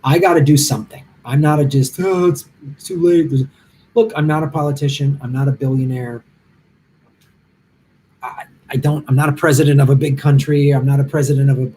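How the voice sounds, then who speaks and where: A man's voice: medium pitch, darkish tone, a little hiss or hum. A middle-aged man, a stand-up comic, talking bluntly and passionately as he answers viewer comments from a hotel room. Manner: impassioned, blunt, rambling. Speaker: stand-up comic hosting a live Q&A stream.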